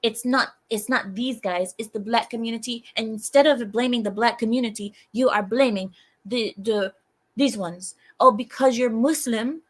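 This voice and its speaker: A woman's voice: on the high side, moderate pace. A woman hosting a livestream, reading viewer comments aloud and answering them in an exasperated way, with frequent sighs and rhetorical questions. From lives in America.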